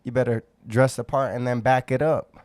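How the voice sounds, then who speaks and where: Male podcast co-host, joking and cocky, smooth clear voice, dry close sound. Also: medium pitch, steady tone, brisk, darkish tone, dry recording. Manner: joking, boastful banter. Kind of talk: casual chat.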